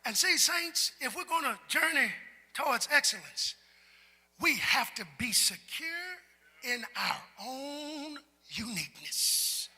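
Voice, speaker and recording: A man preaching a sermon as pastor, talking with the congregation and building up to shouts. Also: very high voice, animated, takes it slowly, breathy edge. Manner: preacherly, call-and-response, climbs to shouts. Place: large church sanctuary. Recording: long hall reverb in a large sanctuary.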